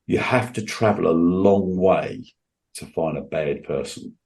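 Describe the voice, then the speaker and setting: A man speaking as an interview guest, earnest and emphatic. He has a low voice with a dark, mellow tone and often restarts his sentences as he pushes his point. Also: vocal fry. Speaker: guest entrepreneur.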